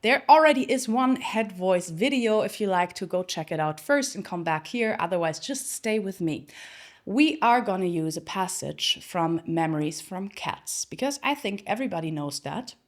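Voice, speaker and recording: A woman's voice: medium pitch, animated, normal speed. A woman voice coach explaining singing technique step by step, with a slightly turn of phrase, now and then breaking into short sung examples. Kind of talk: singing lesson with sung demonstrations.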